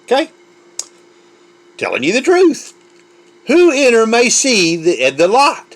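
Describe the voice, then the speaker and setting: A middle-aged man preaching with fervent, emotional urgency, often repeating himself and restarting mid-thought. His voice sits high and swoops widely, rising and falling as he presses his point. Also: huge pitch swings, slow, a bit bright. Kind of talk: preaching a sermon.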